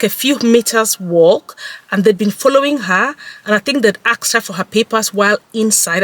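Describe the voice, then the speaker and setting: A woman vlogger talking to camera in a measured, deliberate way. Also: medium pitch, fairly bright tone, no room sound.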